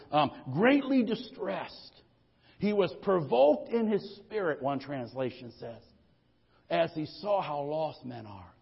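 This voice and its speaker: Husky preacher in a hall. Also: male voice, mid-range voice, muffled recording. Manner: builds to loud passionate peaks, asks for amens. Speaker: pastor. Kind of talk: sermon.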